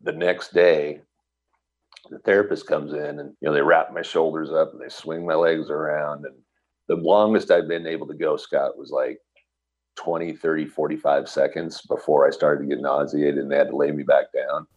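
Very deep husky middle-aged man. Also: normal speed, lo-fi sound. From US Midwest. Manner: earnest, animated retelling with quoted dialogue and restarts. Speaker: guest telling his recovery story. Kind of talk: personal storytelling in an interview.

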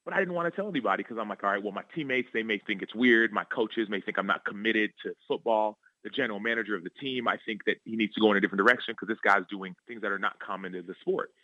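Earnest low-voiced man telling his story. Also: quick pace, hardly any pauses, no echo, lo-fi sound. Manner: earnest, animated, repeats "right?". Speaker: guest, former football player and author. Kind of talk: interview storytelling. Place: radio studio.

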